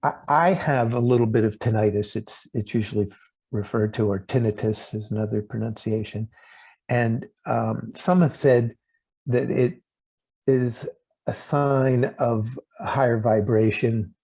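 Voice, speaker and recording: Gravelly, halting male interview host. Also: mid-range voice, steady tone, a little mellow, low-quality recording. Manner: halting, with many restarts and fillers. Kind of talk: casual interview chat.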